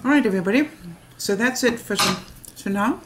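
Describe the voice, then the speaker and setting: A woman's voice: medium pitch, moderate pace, noisy background. A woman chatting casually in a home kitchen vlog, giggly and self-mocking. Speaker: home cooking vlogger.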